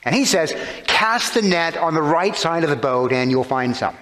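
A man's voice: a little high, expressive, normal speed, bright, forceful tone. A man preaching a sermon, explaining scripture with rhetorical questions and shifting emphasis. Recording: long hall reverb.

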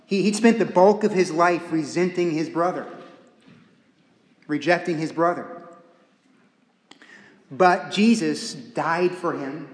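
A man preaching a sermon in an animated, folksy, humorous way, in a church sanctuary. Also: a little high. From Texas. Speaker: pastor. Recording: echoey hall.

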